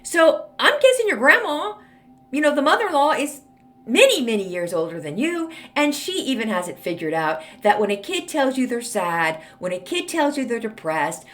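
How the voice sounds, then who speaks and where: A woman's voice: high-pitched, fairly bright tone. A middle-aged woman hosting an advice podcast, blunt, sassy and exasperated as she reads and answers a letter. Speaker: podcast host. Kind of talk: snarky advice podcast monologue.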